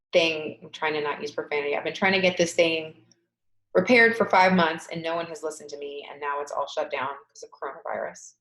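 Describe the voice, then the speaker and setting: A woman's voice: sits low, fairly bright tone, reverberant, poor audio. A woman coaching a group webinar through a tapping session, leading repeated affirmations in an emphatic voice and sighing along. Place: home, on a webinar. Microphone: video call webcam.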